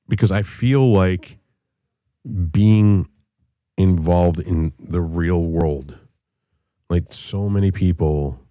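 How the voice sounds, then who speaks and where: A man in his thirties telling a personal story in a candid, profane way, halting often with fillers. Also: sits low, mellow, no room sound, studio quality. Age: 30s.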